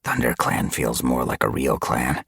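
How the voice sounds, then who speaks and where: A man voicing a blunt, disillusioned male warrior cat in a storybook reading, speaking flatly in his own low register. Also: unhurried, creaky, slightly rough, no room sound, studio quality, full character voice.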